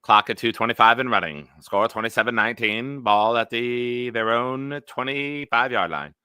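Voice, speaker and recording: A man's voice: medium pitch, pushed and bright, clean tone, no echo, natural voice. A man putting on an old-time 1920s radio announcer voice for punchy football play-by-play. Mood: excited. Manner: rapid, punchy announcer delivery.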